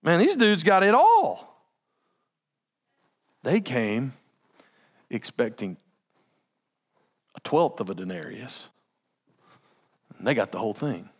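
A male pastor preaching a sermon in an animated, conversational way with laughing asides. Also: mid-range voice, takes it slowly, long pauses.

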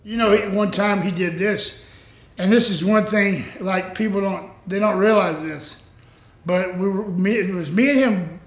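Older male guest, rambling salty yarns, higher-pitched, echoey room. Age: 60s. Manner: rambling, salty, laughs often. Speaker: retired pro wrestler, guest. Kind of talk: casual storytelling.

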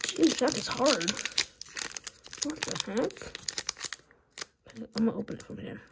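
A woman chatting casually as she opens trading card packs, excitable and pleading with the cards. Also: on the high side, a little slow, gravelly. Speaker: card-opening vlogger. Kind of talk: casual pack-opening commentary. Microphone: phone. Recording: loud wrapper crinkling and tearing noise. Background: crinkling, tearing foil packs.

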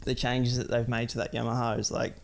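A man's voice: mid-range voice, completely flat delivery, brisk, creaky. A young adult man chatting casually as a podcast guest, rambling and filling his sentences with "like". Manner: rambling, heavy use of "like". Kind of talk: casual chat.

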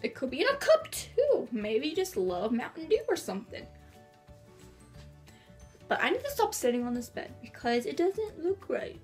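Bubbly high-voiced teen girl vlogging. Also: big pitch swings, moderate pace, faint music behind. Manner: rambling, bubbly, scattered. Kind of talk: casual chat to camera. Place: bedroom at home.

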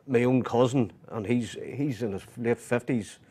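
A man hosts a relaxed live chat. He rambles a little and fills his talk with "you know" asides. His pitch sits in the middle for a man. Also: a little slow, slightly rough. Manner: chatty, lots of "you know", warm asides. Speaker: radio show host. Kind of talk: casual chat on a sofa.

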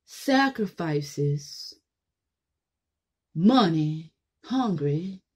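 A woman speaking her mind to camera in a loud, cursing rant. She swings between heated outbursts and quieter asides, talking straight to her viewers. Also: deep voice, expressive, very slow, breathy edge. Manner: blunt, profane, mocking voices she imitates. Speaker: vlogger. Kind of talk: opinionated monologue to camera.

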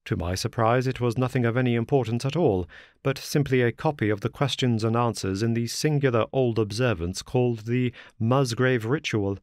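A man's voice: mid-range voice, a little mellow, no echo. Man reading a classic story, dry sound. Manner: measured storytelling. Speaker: audiobook narrator. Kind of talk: scripted narration.

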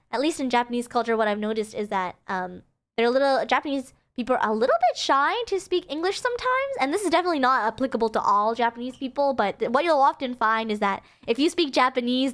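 A young woman with a high, light voice gives a relaxed livestream lesson. She chats freely and giggles between her examples, with plenty of casual fillers. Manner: chatty and giggly, frequent fillers. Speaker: streamer teaching Japanese.

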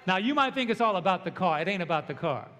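A pastor in his sixties from New York, preaching a sermon with animated storytelling and call-and-response. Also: high voice, quick pace. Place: church sanctuary. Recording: long church hall reverb.

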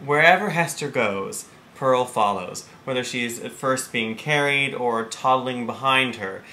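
A man's voice: mid-range voice, unhurried, bright, forceful tone, slight background noise. A man teaching an English literature lesson, explaining the text and reading passages aloud. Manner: explains then reads quoted passages dramatically.

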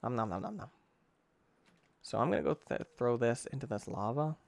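Excitable young man, lively swings. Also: mid-range voice, moderate pace, vocal fry, no room sound. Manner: excitable, exclaims and talks to himself; mild cursing substitutes like frick and stinking. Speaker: gaming YouTuber. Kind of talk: let's play commentary.

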